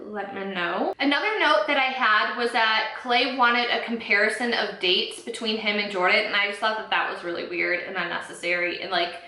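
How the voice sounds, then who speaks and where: A woman's voice: medium pitch, normal speed, few pauses, pushed and bright. A woman in her twenties chatting casually to camera, opinionated and full of fillers. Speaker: beauty vlogger recapping a reality show. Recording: echoey room.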